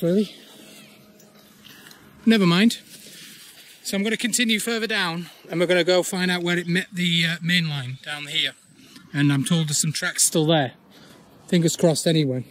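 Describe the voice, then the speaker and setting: A man, chatting casually as he walks an overgrown old railway path outdoors, often pausing on "uh". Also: a little high. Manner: chatty, with frequent "uh" pauses. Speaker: urban exploring vlogger. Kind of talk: casual walk-and-talk commentary.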